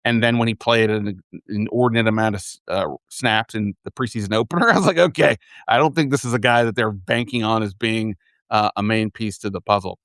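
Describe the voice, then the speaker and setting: A man's voice: on the low side, fairly quick, fairly bright tone, no echo, clean studio sound. A man hosting a sports podcast in casual chat, rambling and restarting often as he thinks aloud. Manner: rambling, self-correcting, many restarts. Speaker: podcast host.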